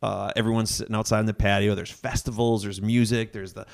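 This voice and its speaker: A man's voice: on the low side, flat delivery, fast, creaky. A young man from Milwaukee talking as an interview guest in a casual chat, enthusiastic and rambling, often saying "like". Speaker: interview guest, video creator.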